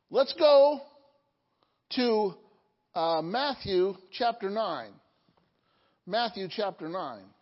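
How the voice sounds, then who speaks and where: A woman preaching in a high voice with an unhurried, drawn-out delivery. She keeps quizzing the congregation and slipping in jokes. The recording sounds dull and lo-fi, with a long reverb from the hall. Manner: asks the congregation questions, joking asides. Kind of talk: sermon.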